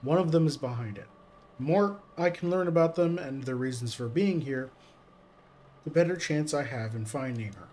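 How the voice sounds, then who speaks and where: A man's voice: on the high side, moderate pace, darkish tone, slight background noise. A man streaming a game, reading its text aloud and adding casual joking asides.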